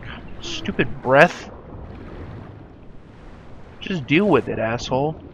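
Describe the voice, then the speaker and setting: A man's voice: mid-range voice, very animated, slow pace, creaky, muffled recording, slight background noise. A young man commentating a video game, nervous and jumpy, swearing often and laughing anxiously. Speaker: gamer. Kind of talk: let's play commentary.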